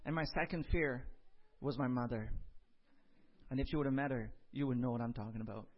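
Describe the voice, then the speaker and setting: A man preaching a sermon and telling a lively personal story, acting out the voices in it. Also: mid-range voice, fairly quick, muffled recording. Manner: animated storytelling, acts out dialogue. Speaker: pastor.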